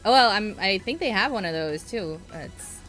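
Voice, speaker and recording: A woman's voice: medium pitch, expressive, moderate pace, a bit bright, soft background music. A young woman co-hosting a podcast in casual chat, bubbly, laughing often and trailing off mid-sentence. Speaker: podcast co-host.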